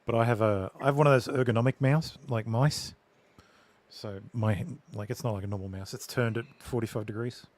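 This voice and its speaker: A man's voice: medium pitch, steady tone, fairly quick, darkish tone, no echo. A man in casual livestream chat, joking and prone to tangents.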